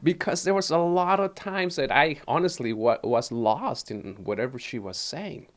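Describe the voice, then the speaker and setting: A man's voice: on the high side, animated, normal speed. A man from Mexico with a Mexican Spanish accent, hosting a wellness livestream and telling a personal story casually, laughing often and repeating words.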